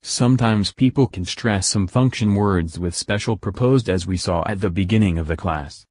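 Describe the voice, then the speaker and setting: Male teacher, lowish voice, deliberate lesson narration, dry recording. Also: darkish tone, dry recording. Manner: slow, deliberate word-by-word emphasis on examples. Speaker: English teacher.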